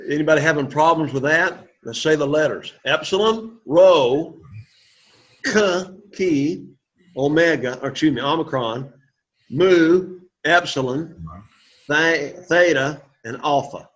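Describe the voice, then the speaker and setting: A man teaching Greek to a class, coaxing students and repeating words slowly for pronunciation. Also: a little high, a bit bright, dull audio. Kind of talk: classroom lesson.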